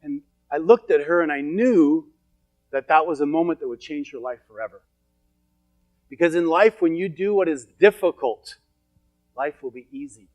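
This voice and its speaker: A middle-aged man speaks to a live audience as a motivational speaker, his voice sitting a little high for a man. He tells personal stories with emphatic, repeated phrases, and soft music plays faintly under him. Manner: storytelling, emphatic, repetitive. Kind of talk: motivational seminar talk. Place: event hall with an audience.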